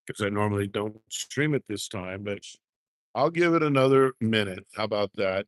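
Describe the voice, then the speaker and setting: A man's voice: on the low side, no room sound. A man hosting a casual livestream, chatting in a folksy, drawling way from a handheld camera rig. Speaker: livestream host. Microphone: handheld gimbal camera.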